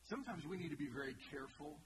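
A man's voice: fairly high pitch, expressive, rapid-fire. A middle-aged man hosting a video reaction, chatting enthusiastically and drifting into a preachy tone. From United States. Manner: enthusiastic, churchy call-and-response. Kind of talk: casual commentary turning preachy. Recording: loud background noise.

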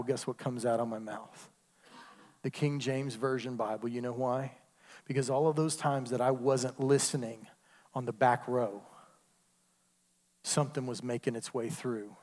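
A man, preaching a sermon with call-and-response asides. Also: medium pitch. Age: 50s. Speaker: pastor. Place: church sanctuary. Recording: long hall reverb.

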